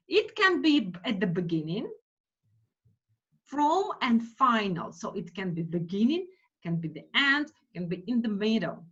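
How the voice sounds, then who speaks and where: Slow, lively woman teacher. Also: fairly high pitch, slightly rough. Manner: slow, careful, repeats words for drilling. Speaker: English phonics teacher. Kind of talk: online class teaching. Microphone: video call. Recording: dull lo-fi online call audio.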